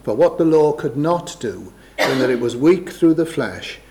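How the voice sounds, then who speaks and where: Measured, emphatic male Bible teacher. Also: on the high side, animated, mellow. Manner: measured, emphatic, reads scripture aloud. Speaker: preacher.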